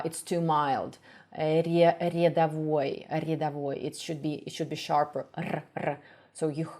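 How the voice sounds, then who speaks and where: A young Russian woman with a Russian accent gives a pronunciation lesson, stopping often to say sounds over and over. Her voice sits a little low and she talks at an unhurried, slow pace, with plenty of pauses. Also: darkish tone. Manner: explains slowly with many uh fillers, repeats sounds to demonstrate. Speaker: language teacher. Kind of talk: reaction video with pronunciation lesson.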